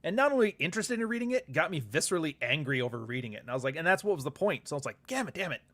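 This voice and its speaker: This author and livestream host has a fairly bright, high-leaning voice that swings widely in pitch, and he talks at a racing pace. His casual livestream chat is rambling and profane, full of laughter and viewer comments read aloud.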